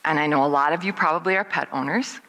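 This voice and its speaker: A middle-aged woman speaking at a service, telling a personal story in a lively way and acting out what people said with big jumps in pitch. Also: fast talker, poor audio.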